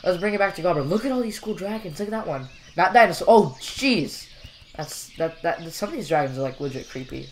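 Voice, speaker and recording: A man's voice: high voice, expressive, a little fast, a little hiss or hum. A young man casually commentating while he plays a game, rambling and joking with lots of filler words. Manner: chatty, rambling and jokey, with frequent fillers. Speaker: gameplay commentator.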